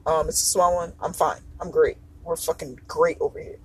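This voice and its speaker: A podcast host chatting casually on their own, in a loose, profane and expressive way with lots of fillers and asides. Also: medium pitch, moderate pace, husky, no echo, rough recording. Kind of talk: casual solo podcast chat.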